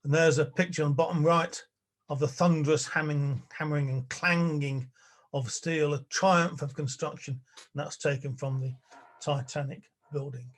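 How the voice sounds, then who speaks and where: Older lecturer, fairly high-voiced, chatty and wry, talking from a home study. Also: male voice, fairly even intonation, moderate pace. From England. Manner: wry, chatty, with little chuckles. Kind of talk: illustrated public talk. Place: spare-bedroom study at home.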